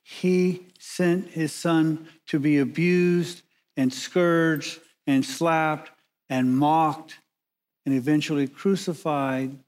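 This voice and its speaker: A man preaching a sermon as pastor, measured and emphatic, slowing down and pausing to stress key words. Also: fairly high pitch, steady tone, darkish tone.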